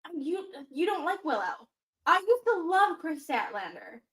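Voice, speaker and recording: A woman's voice: very high-pitched, sing-song, normal speed, a bit bright, reverberant, rough recording. A woman co-hosting a wrestling podcast, chatting casually and rambling through restarts and fillers. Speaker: podcast co-host.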